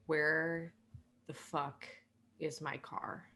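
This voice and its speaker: A woman playing her character in a tabletop role-playing session. Her somewhat low but bright, edgy voice sounds exasperated, with swearing and repeated phrases. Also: little pitch movement, very slow. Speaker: player.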